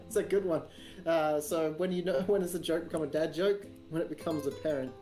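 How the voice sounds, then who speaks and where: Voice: medium pitch, fairly quick, mellow, soft background music. An Australian streamer chatting casually while gaming, joking and laughing often.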